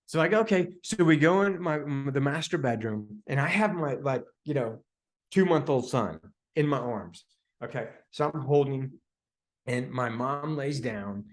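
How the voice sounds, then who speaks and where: A man guest on a podcast, telling a story in a casual, animated way, full of "dude," "man" and "like," and acting out the voices of the people in it. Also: normal speed. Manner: animated, heavy filler words, "dude" and "man"; acts out quoted voices with big pitch jumps. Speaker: podcast guest, energy healer.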